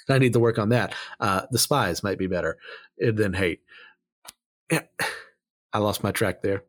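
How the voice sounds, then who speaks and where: A man's voice: fairly low pitch, a little slow. A man giving casual Bible commentary, blunt and opinionated, who drifts off on tangents and pulls himself back. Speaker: Bible study teacher.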